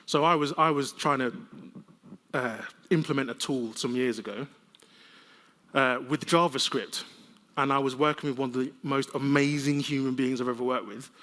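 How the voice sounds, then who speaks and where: Animated male keynote speaker in a reverberant hall. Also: medium pitch, normal speed. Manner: lively, conversational storytelling with humor. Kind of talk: conference keynote talk. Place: large conference hall. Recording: long reverb of a conference hall.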